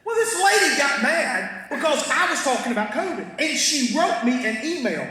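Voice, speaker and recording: Here a male stand-up comic talks at a moderate pace, his extremely high voice rising and falling dramatically through folksy anecdotes, jokes and remarks to the crowd. The sound comes from a stage mic heard far off, recorded deep in the audience of a large, echoing concert hall full of people.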